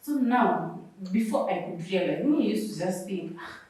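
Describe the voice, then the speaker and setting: A young adult woman with a Kenyan accent telling her own story as an interview guest, expressive and acting out the people she quotes. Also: medium pitch, moderate pace. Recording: echoey room, far from mic.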